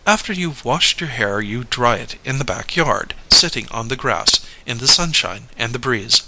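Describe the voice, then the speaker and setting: A man's voice: medium pitch, animated, moderate pace, creaky, pushed and bright, heavily acted, low-quality recording. A man voicing a cheerful, witty young woman in a story reading, giving her sweet, teasing replies.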